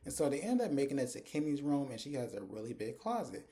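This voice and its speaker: Mellow-voiced man recapping a TV episode. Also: medium pitch, very animated, fast talker, hardly any pauses. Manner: chatty, retells scenes by quoting characters. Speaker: TV episode reviewer. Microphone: phone camera.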